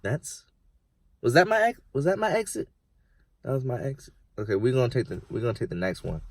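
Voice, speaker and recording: A man's voice: mid-range voice, huge pitch swings, fairly quick, no room sound. A man playing a stubborn driver who refuses GPS, gets lost and shifts the blame, in a comedy sketch. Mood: defensive.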